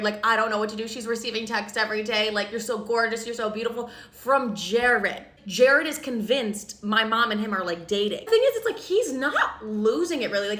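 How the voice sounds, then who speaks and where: A young woman casually telling a family story to her phone camera, blunt and profane, gossiping with animated energy. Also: on the high side.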